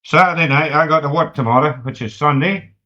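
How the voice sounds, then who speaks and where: A Scottish man with a brisk, sharp, high-ish voice rambles and jokes through a spoken cassette letter to family at home, mocking himself along the way. He's in a home living room with friends, and the home cassette recording sounds dull and lo-fi.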